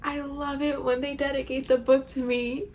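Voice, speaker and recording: Excitable young woman gushing about a book. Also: high voice, moderate pace. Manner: excitable, dramatic, swings into squeals and laughter. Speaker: book vlogger. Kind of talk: casual reading vlog chat.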